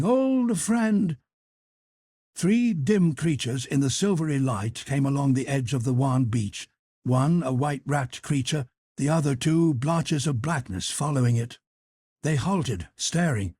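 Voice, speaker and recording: This is a studio-quality, dry recording of a man narrating a scripted audiobook. His medium-pitched voice has a breathy edge, and he tells the story in a measured, even way.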